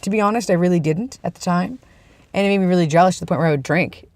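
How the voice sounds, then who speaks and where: Speaking in a high-pitched, rapid-fire way, a young man films a casual personal vlog outside just before going in. He rambles earnestly and often starts his sentences over; the recording has no room sound.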